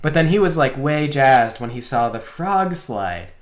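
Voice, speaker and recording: A solo indie game developer chats casually on a live stream about the game he's building alone, rambling with lots of fillers and telling stories animatedly. His voice is medium-pitched and unhurried, in a reverberant space.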